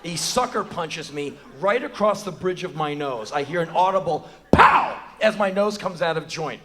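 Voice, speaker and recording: Profane, animated American man on stage. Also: moderate pace. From United States. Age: 40s. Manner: animated, profane, acts out quotes in a high voice. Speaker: spoken word performer. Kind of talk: live spoken word storytelling. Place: theater stage before an audience.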